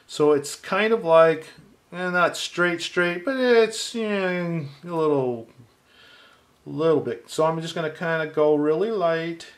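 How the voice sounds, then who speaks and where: A man teaching a step-by-step drawing lesson, calmly thinking aloud as he measures and marks lines. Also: on the high side, measured pace. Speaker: art teacher.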